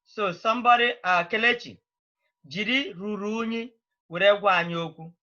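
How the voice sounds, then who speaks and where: A woman's voice: mid-range voice, moderate pace, sharp tone, muffled recording. A woman teaching a language class over a video call, speaking. She prods students patiently and repeats her phrases.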